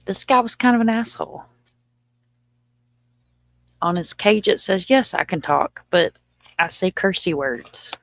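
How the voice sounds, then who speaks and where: A Southern woman hosts a laid-back livestream, talking in a chatty, folksy way and answering viewers. Her voice has a gravelly, fried edge. The sound is dry and close, with no room echo. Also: mid-range voice, lively intonation, measured pace, pauses often. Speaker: livestream host. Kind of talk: casual livestream chat.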